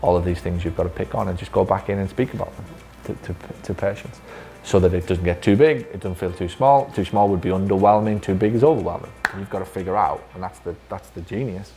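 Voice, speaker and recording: A man's voice: sits low, fast, dark tone, soft background music. A man training clinic staff in a casual talk, swearing freely and acting out conversations. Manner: blunt, swears freely, acts out dialogue. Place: physiotherapy clinic room, with staff.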